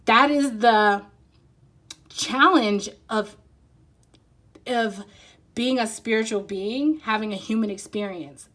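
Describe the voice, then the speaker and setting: A woman's voice: on the high side, takes it slowly, pauses often, a bit bright. A woman giving a casual pick-a-card tarot reading, talking candidly with plenty of swearing, fillers and bursts of laughter.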